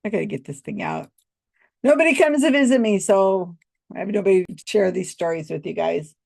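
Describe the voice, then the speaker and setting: This older woman speaks at a brisk clip in a mid-range, sing-song voice, darkish in tone and touched with vocal fry. At home with a stack of old photos, she tells casual stories to the camera, chatty and laughing often while acting out how others responded.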